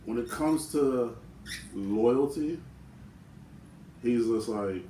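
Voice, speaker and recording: A man in casual chat, talking reflectively and pausing to search for words. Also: mid-range voice, dark tone, roomy sound, distant mic, a little hiss or hum, rough recording. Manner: reflective, searching for words with many "you know"s. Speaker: vlogger twin.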